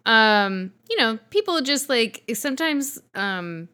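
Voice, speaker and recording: A woman's voice: a little high, big pitch swings, slow, bright, forceful tone, smooth. A woman co-hosting a casual podcast over wine, talking frankly and rambling with some swearing. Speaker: podcast co-host.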